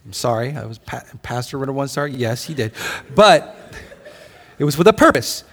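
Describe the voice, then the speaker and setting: A pastor with a medium-pitched, slightly bright voice preaches a sermon at normal speed, very animated. The recording comes from a reverberant church hall, and his delivery is casual and conversational, full of stories with bits of dialogue acted out.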